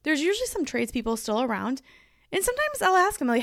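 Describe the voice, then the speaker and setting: High-voiced chatty woman podcaster. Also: big pitch swings, fast, a bit bright, no room sound, clean studio sound. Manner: chatty and emphatic, laughs easily. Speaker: podcast host. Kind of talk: solo podcast monologue.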